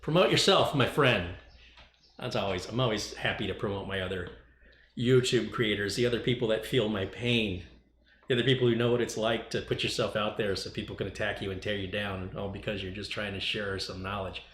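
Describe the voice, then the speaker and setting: A man with a lowish, steady, fairly bright voice talks fairly quickly while hosting a casual livestream. He reads viewer chat aloud and jokes with the people in it, teasing and chatting. The recording has an echoey room sound and faint noise.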